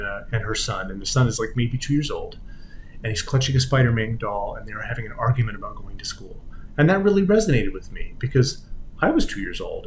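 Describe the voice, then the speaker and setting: A man giving a conference lecture on patient communication in an explanatory way, often trailing off softly at the ends of phrases and now and then acting out quoted voices. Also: mid-range voice, a little hiss or hum, rough recording. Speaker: physical therapy lecturer.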